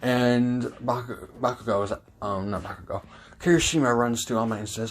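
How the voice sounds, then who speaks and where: A man's voice: mid-range voice, moderate pace, faint music behind. A man improvising a fan-fiction story, rambling with many fillers and self-corrections.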